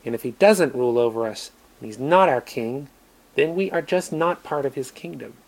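An American man preaching a sermon, earnest, moving between emphatic lines and quiet ones. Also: mid-range voice, expressive, moderate pace, vocal fry. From United States.

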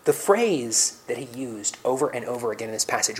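Earnest preacher, loud to whispered. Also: male voice, medium pitch, animated, fairly quick, slight background noise, poor audio. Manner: earnest, swings from loud scripture reading to soft near-whispers. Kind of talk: sermon.

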